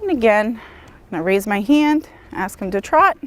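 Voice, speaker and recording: A woman horse trainer calmly demonstrating lunge work outdoors, encouraging and steady as she explains each step. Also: mid-range voice, moderate pace, slight background noise. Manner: calm, encouraging, praises the horse often. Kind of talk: instructional demonstration.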